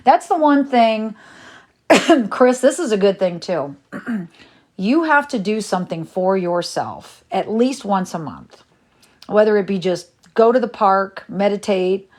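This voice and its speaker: A woman's voice: mid-range voice, animated, measured pace, darkish tone. A middle-aged woman chatting casually on a livestream, rambling and exasperated as she talks to viewers. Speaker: livestream host.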